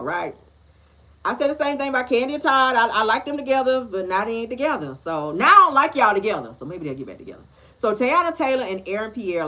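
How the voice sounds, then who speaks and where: A woman hosting a casual celebrity gossip show, talking in a sassy, slangy, animated way with a husky voice. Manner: animated, sassy, slangy, lively pitch swings.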